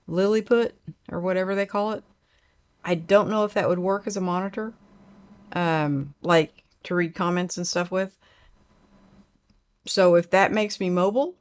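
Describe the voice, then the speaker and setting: A woman's voice: fairly low pitch, clean tone. Chatty older woman with an Okie twang. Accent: Oklahoma twang. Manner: chatty, rambling, reads viewer comments aloud. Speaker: livestream host. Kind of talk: casual livestream chat.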